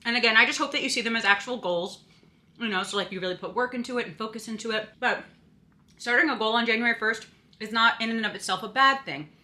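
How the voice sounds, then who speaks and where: A young woman chats casually in a vlog, talking fast in a bright, fairly high voice with a forceful tone. She's a bit out of breath and peppers her speech with "like" and "you know."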